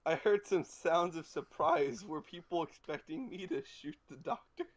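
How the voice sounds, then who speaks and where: A man's voice: high voice, very animated, moderate pace. A man playing a tabletop role-playing game, stating his character's actions in a plain, matter-of-fact way. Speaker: player. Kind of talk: casual tabletop game play.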